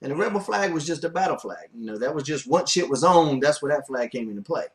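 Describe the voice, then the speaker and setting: A man's voice: on the high side, animated, fast talker. A man hosting a podcast in casual chat, laid-back and teasing. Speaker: podcast host, wrestler.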